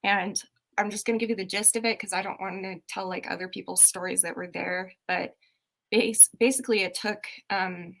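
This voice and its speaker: A woman's voice: medium pitch, fairly even intonation, moderate pace, a bit bright. A woman co-hosting a casual podcast, speaking openly and chattily, often breaking off mid-sentence. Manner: chatty, self-interrupting, open. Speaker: podcast co-host. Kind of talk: casual chat.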